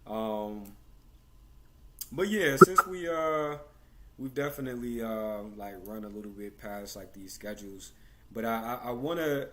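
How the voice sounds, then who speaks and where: Laid-back slangy man hosting a video call. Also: on the low side. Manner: relaxed, slangy, many fillers and restarts. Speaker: host. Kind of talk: casual conversation.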